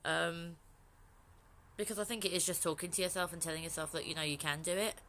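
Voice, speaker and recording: In a personal vlog, a young woman from England opens up candidly, rambling and swearing without restraint, emotional and on the verge of tears. She speaks a little fast in a lowish, slightly bright voice, with some faint background noise.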